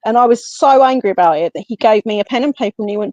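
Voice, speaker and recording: A woman with an English accent, a guest on a podcast, telling a personal story in a casual, animated way and acting out what others said. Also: fairly high pitch, quick pace, no room sound. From England. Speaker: guest, medium and paranormal investigator. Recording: slightly muffled, dry lo-fi audio.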